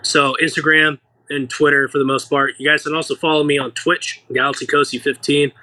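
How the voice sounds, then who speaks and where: A young American man telling an animated, profane story as an interview guest, acting out the people he quotes. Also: fairly high pitch, brisk. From United States. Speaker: guest fighter.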